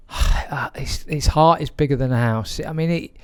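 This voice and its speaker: A man's voice: medium pitch, unhurried, clear, resonant tone. Reflective man telling a story. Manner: hesitant, many fillers and restarts, reflective. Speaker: podcast guest. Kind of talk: conversational storytelling.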